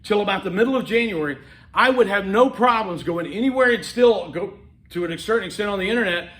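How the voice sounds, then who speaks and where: A man with a fairly high voice lectures to a class in a loose, chatty way, trailing into fillers and restarting his sentences. The sound rings around a reverberant classroom. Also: lively intonation, fairly quick, a bit bright. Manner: conversational, rambling with many fillers and restarts. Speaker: college instructor.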